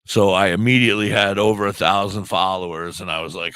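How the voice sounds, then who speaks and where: A man's voice: deep voice, steady tone, brisk, fairly bright tone, smooth, no echo. A middle-aged man with a sore throat, co-hosting a podcast and telling a long, rambling story with plenty of swearing and self-deprecation. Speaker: podcast co-host. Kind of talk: casual storytelling chat.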